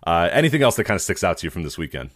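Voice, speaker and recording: A man hosting a podcast, easygoing and halting, often repeating words as he talks. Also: sits low, very animated, fairly bright tone. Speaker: podcast host. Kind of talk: casual podcast chat.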